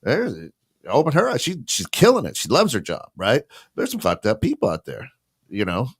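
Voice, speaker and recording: A man's voice: medium pitch, wildly swooping pitch, normal speed, husky, no room sound, studio quality. A middle-aged man co-hosting a casual talk show, blunt and profane, often tagging his lines with "right?". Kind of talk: casual banter.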